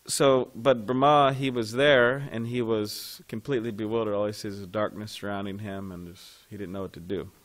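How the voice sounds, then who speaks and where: In a temple, a man with a slightly low voice teaches a devotional scripture class. His delivery is loose and conversational, and he stops now and then to put questions to his listeners.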